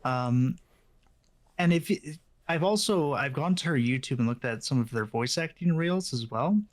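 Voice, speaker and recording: Guy on a podcast breaking stuff down, lots of ums, mid pitch. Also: expressive. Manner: measured, explaining with many fillers. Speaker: podcast co-host. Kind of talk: casual chat.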